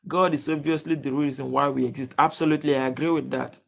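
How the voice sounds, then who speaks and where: A man's voice: on the high side, steady tone, creaky, fairly bright tone. A young man from Nigeria, hosting a casual livestream, reading out viewers' names and restarting his sentences with many fillers. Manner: halting, many fillers and restarts, addresses chat viewers by name. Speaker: livestream host. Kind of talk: casual live chat reading comments.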